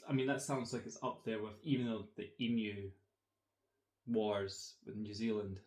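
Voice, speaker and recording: A man's voice: lowish voice, fairly even intonation, moderate pace, a little mellow. A man with a Scottish accent talks in a dry, matter-of-fact manner. He drops casual swears as he explains things. The sound carries an echoey room. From Scotland. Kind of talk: casual chat.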